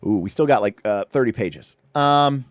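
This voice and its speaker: A man hosting a livestream, casually walking through a rulebook, with animated, chatty asides and points repeated for emphasis. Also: medium pitch, moderate pace, no echo, clean studio sound. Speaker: livestream host.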